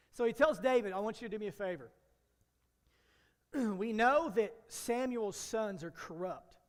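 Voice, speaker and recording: A high-pitched man preaches an animated sermon, slipping into the voices of biblical characters as he tells the story. His voice rings out with a long hall reverb around it. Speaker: pastor.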